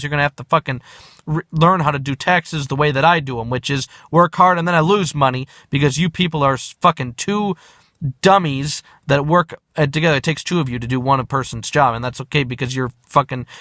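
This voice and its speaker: A man's voice: medium pitch, sharp tone, dry recording, studio quality. A young man ranting angrily and profanely, rambling along with loose rhymes in a freestyle rant. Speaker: rapper ranting to his channel.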